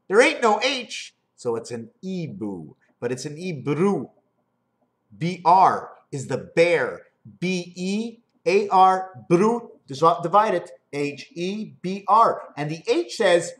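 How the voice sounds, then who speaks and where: A man in a rambling monologue, riffing on words and spelling out letters in an animated, sing-song way. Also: high voice, slow. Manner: free-associating wordplay, spelling out letters.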